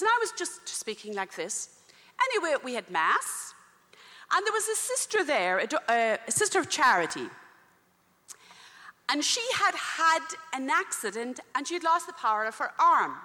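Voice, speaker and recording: In a large hall, a Catholic religious sister preaches and tells faith stories with animation, acting out the people she quotes. Her voice is high-pitched and her speed normal.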